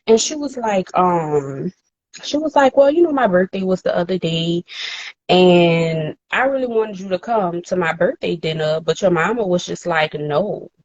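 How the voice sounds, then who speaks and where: Woman, podcast co-host, candid storytelling, slangy and profane, animated quoting, dry dull audio. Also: a little slow, no room sound. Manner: animated, acts out quotes in a higher voice; casual slang, swears freely.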